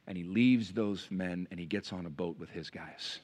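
A man preaching a sermon to a church congregation as pastor, animated, swinging between loud emphasis and hushed low passages. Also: normal speed, few pauses.

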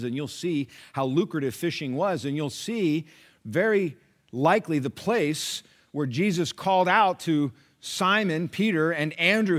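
This pastor's voice sits on the high side as he preaches in a conversational, energetic style. Loud, forceful lines give way to hushed asides, and he acts out listeners' answers.

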